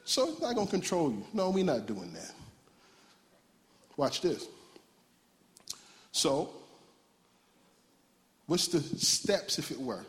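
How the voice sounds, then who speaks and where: A man preaching a lively sermon as pastor, with call-and-response shouts and laughter. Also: a little high, slow, long pauses. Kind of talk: animated sermon. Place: church sanctuary. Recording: church hall reverb.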